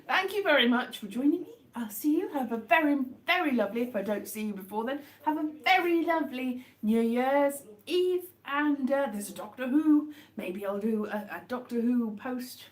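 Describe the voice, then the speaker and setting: A woman chatting casually on a live stream as she eats chocolates, rambling with wry, deadpan jokes. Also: fairly high pitch, normal speed. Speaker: livestream host. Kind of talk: casual live chat while eating chocolates.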